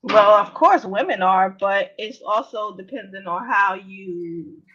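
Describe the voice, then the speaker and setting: A woman's voice: medium pitch, unhurried, fairly bright tone, slightly rough. A woman guest on a podcast speaking earnestly in casual chat, at times hesitant. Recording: dull lo-fi sound.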